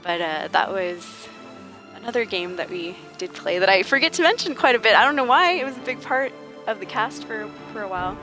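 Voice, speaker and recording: A woman's voice: mid-range voice, expressive, a little fast, bright, forceful tone. A woman game streamer chatting casually with her viewers, greeting them by name and laughing often. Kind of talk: casual livestream chat. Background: game music.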